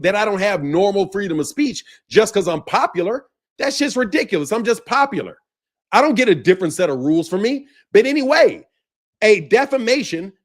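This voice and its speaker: A high-voiced man delivers a fired-up rant on his boxing channel. He is confrontational and profane, circles back on the same points again and again, and talks straight at his target. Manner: heated, confrontational, profane, repeats himself. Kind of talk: ranting commentary to camera.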